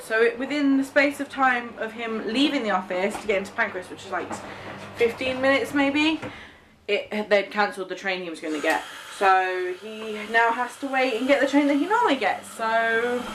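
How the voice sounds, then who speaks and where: A family vlogger and young mother from Cheshire chats casually to camera at home, coaxing her baby son to chew during feeding between comments to viewers. She has a fairly high voice, and there's noise in the background.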